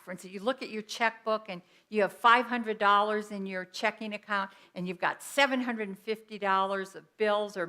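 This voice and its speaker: Woman, middle-aged, minister, sermon, bright tone, animated storytelling. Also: medium pitch. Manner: animated storytelling with quoted asides and laughter.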